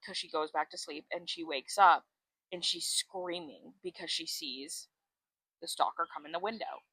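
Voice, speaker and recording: A woman's voice: deep voice, moderate pace, breathy edge, no room sound, poor audio. A woman co-hosting a podcast, retelling a book plot in casual chat, acting out the characters' lines and swearing freely. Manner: animated storyteller, acts out quotes, swears freely. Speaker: podcast co-host.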